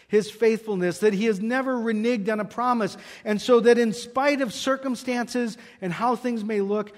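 A man preaching a sermon, telling a scripture story and raising his voice when he quotes it. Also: very high voice. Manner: storytelling, quoting scripture with raised voice. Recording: long hall reverb.

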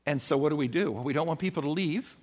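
A male pastor preaches a sermon fast and emphatically, acting out quoted voices with sudden pitch swings.

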